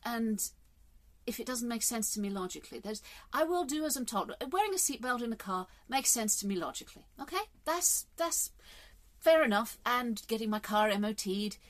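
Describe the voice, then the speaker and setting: A woman's voice: on the high side, expressive, moderate pace. Candid rambling woman in her fifties. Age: 50s. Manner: rambling, candid, swears for emphasis. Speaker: vlogger. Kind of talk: casual reflective monologue.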